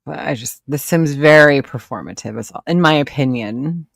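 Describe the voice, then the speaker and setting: Woman, live reaction commentary, blunt, sarcastic, gravelly, dry close sound. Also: extremely low pitch, moderate pace, no room sound. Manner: blunt, sarcastic, swearing freely.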